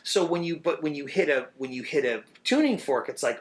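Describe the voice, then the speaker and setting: Middle-aged man, drummer, casual interview talk, animated, cursing, slightly higher voice. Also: a little fast, hardly any pauses. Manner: animated, swears freely, sings rhythms aloud.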